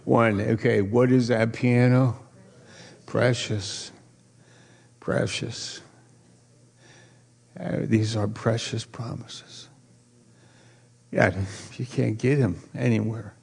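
A man's voice: medium pitch, steady tone, gravelly, darkish tone, husky. A man preaching a sermon as pastor, stretching key words and quizzing his listeners playfully. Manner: drawn-out emphasis on key words.

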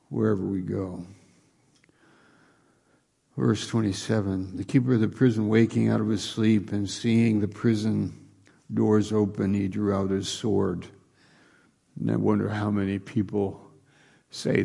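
A man delivers a sermon in a husky, low voice, with frequent restarts as he retells a scripture passage. His delivery is slow and unhurried, with a gravelly edge. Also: little pitch movement, warm tone. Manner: rambling, restarts, reads scripture aloud. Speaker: preacher.

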